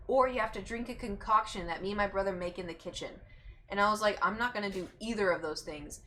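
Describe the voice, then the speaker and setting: A woman's voice: mid-range voice, fast, slight background noise. A young woman streamer animatedly telling a story from her childhood to her chat. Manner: animated, acts out quoted voices. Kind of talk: casual storytelling.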